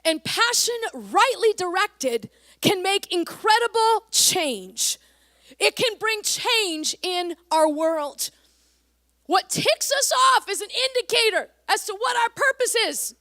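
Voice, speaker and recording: A woman pastor from Canada preaching a sermon, energetic and emphatic, reading scripture slowly and dramatically. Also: very high voice, dry recording, studio quality.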